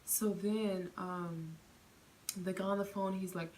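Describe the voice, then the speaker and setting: A young woman vlogger chatting through a storytime, full of fillers and animated retelling. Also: fairly low pitch, takes it slowly, poor audio. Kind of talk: storytime vlog.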